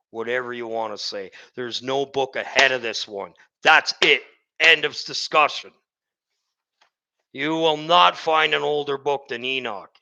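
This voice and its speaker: Male street-style preacher, fire and brimstone, scolding, gravelly and bright, lo-fi sound. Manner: intense, scolding, swings from low murmur to loud.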